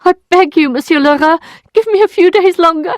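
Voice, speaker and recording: A woman's voice: brisk, dry recording. A woman voicing a desperate pleading young wife. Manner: pleading, high and strained. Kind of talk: storybook reading.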